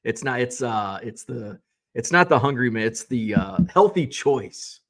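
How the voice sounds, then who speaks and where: A man's voice: mid-range voice, animated, measured pace, a bit bright. A man in the middle of his range, chatting casually as the host of his own show. He tells a story in a loose, wandering way, with wry asides, and he often stops and starts his sentences over. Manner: rambling, self-interrupting, wry storytelling.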